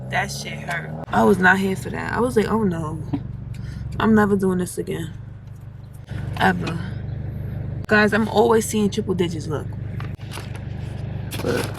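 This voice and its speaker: A young woman in her twenties talks to a handheld camera while running errands. Her voice sits at a medium pitch, relaxed and chatty, and she keeps calling her viewers y'all. Clear street and store noise runs behind her. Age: 20s. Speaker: vlogger. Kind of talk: casual vlog chat.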